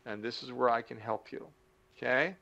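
Middle-aged male motivational speaker, gravelly, animated delivery with acted-out asides; slightly muffled recording. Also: medium pitch. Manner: animated, acts out little dialogues with the brain; slows down to stress key points. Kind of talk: motivational talk to camera.

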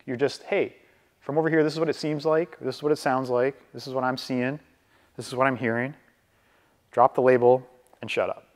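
A man's voice: mid-range voice, brisk, long pauses. A man teaching real estate negotiation in a casual way, acting out bits of dialogue and often checking in with "right?". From Canada. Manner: lively, acts out dialogue, keeps checking with "right?". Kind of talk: casual training talk to a room. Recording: reverberant hall from a distance.

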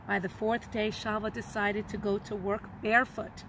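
A woman teacher reading a children's story aloud in an expressive, dramatic way. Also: medium pitch, moderate pace, a little hiss or hum, poor audio.

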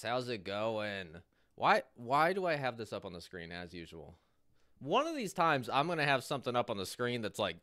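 A male streamer with a lively voice that leaps up and down in pitch as he greets his chat. He sounds close and dry on a desk mic, with no room around him. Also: no echo. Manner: animated, greeting chat by name.

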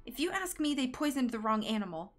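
A woman's voice: a little high, lively intonation, brisk, pushed and bright, faint music behind. A woman reading aloud, voicing a haughty, demanding fashion designer. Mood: sharp. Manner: demanding, imperious.

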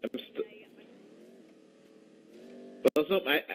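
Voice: slow, poor audio. A co-player chatting casually during a game, laid-back and often laughing. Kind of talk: casual gaming chat. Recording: faint background noise.

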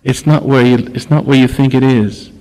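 A man's voice: medium pitch, fairly even intonation, normal speed, darkish tone. An older man giving a spiritual talk, often stopping, restarting and repeating words. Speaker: spiritual teacher. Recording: long hall reverb.

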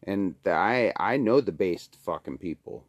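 A middle-aged man who grew up in Alaska, vlogging from his kitchen by the wood stove, swearing constantly in a loud, angry rant. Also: low-pitched, animated, measured pace, dry recording, studio quality. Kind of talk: casual ranting monologue.

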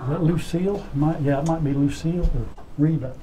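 A man hosts his farm vlog in a jovial, teasing way, laughing as he coaxes a guest along. His voice sits a little high. A lapel mic picks him up outdoors, with faint noise behind. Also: fairly quick, highs cut off. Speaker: farm channel host. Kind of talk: casual farm vlog chat. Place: outdoors and in a chicken coop.

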